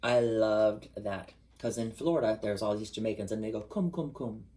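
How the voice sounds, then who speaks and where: A man in a casual, confessional vlog monologue, chatty and expressive, with sudden rises in pitch for emphasis. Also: moderate pace, rough recording. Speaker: vlogger.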